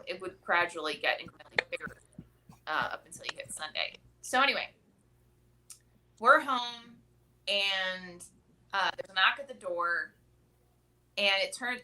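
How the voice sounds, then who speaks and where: A woman telling a personal story in a casual, chatty way, peppering her talk with "like" and "right?". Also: medium pitch. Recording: clear background noise with clicks.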